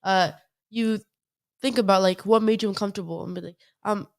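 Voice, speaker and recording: A young woman speaks as a guest in a casual conversation. She works through her ideas with hesitant ums and careful pauses, in a mid-range voice. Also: medium pitch, steady tone.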